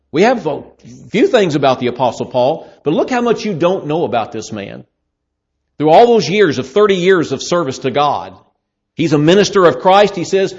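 A man preaching a sermon, explaining scripture in a lively way and acting out the voices of people in the story. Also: a little high. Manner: lively, acts out voices in Bible scenes. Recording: muffled lo-fi sermon recording.

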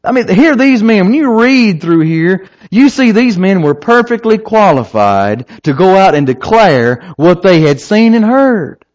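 A man preaching with a high, lively voice that swings widely in pitch. He is emphatic and puts rhetorical questions to his congregation. The recording sounds somewhat dull and lo-fi. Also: unhurried, hardly any pauses. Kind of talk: evening sermon.

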